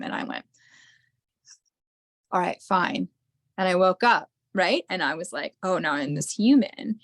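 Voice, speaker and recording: A woman's voice: lowish voice, a little slow, long pauses, no echo. Chatty woman telling stories, dry sound. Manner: animated, acts out quoted voices, many fillers. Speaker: podcast guest. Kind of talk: storytelling in an interview.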